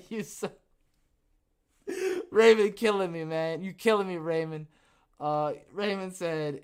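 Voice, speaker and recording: A man hosting a casual podcast, rambling and joking as he reads viewer comments, with sudden loud, animated bursts. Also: a little high, slow pace, pauses often, clean tone. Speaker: podcast host. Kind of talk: casual livestream chat reading viewer comments.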